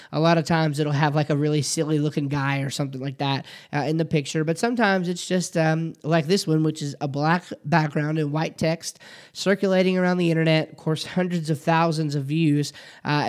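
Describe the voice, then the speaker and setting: A man's voice: on the high side, little pitch movement, a little fast. A man hosting a podcast lesson, talking it through with many fillers and restarts. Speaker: podcast host.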